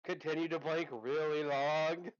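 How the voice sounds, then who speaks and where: A man at a game table jokes bluntly and swears freely. His voice sits a little high for a man. His dull, lo-fi mic takes the edge off the sound. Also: level tone, unhurried, no room sound. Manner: blunt and profane. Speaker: player. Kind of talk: casual banter at a game table.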